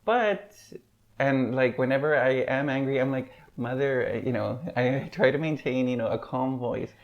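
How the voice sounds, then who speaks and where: A man talks on a podcast in loose, rambling chat, his sentences strung together with constant "like"s. His pitch sits in the middle of the range. The recording is muffled and lo-fi. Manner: rambling, fills every pause with "like". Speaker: podcast guest. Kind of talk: casual chat.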